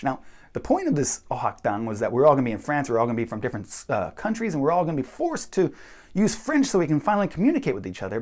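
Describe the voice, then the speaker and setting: A young man telling stories in a casual, animated monologue, bluntly acting out the people he quotes. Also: fairly high pitch. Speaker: vlogger.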